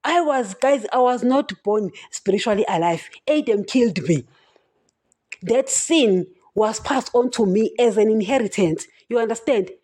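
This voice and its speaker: A woman's voice: fairly high pitch, lively intonation, normal speed, warm tone. A woman preaching on a podcast, impassioned and emphatic, who keeps calling out to her listeners as "guys". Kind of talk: podcast sermon.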